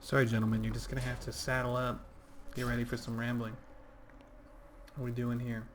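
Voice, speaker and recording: A man's voice: mid-range voice, level tone, brisk, a little hiss or hum. Man, 30s, livestream gamer; rambly, conversational play-by-play. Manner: rambling and chatty, reading out chat. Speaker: game streamer. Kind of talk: casual livestream gameplay commentary.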